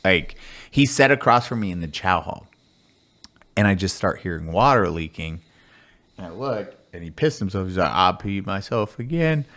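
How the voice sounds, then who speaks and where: A man with a lowish voice tells basic training stories in a casual podcast chat. His pitch swings widely, and he keeps laughing and cursing as he goes. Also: normal speed. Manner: animated, laughing, crude. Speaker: army veteran telling stories.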